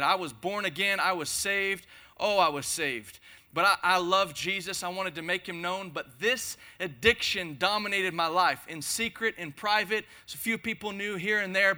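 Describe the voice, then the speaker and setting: A pastor preaches a passionate sermon to a congregation in a church hall, driving home emphatic, repeated phrases. His voice sits high and sounds sharp, at a moderate pace.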